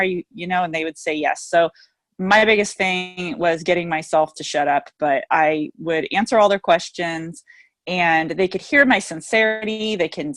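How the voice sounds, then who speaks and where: A woman with a somewhat low voice talks through her experience on a team training call. Her delivery is earnest and conversational, with frequent "you know" asides. The call audio is dry, with no room sound. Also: moderate pace, fairly bright tone, no echo. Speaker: guest team leader sharing sales experience.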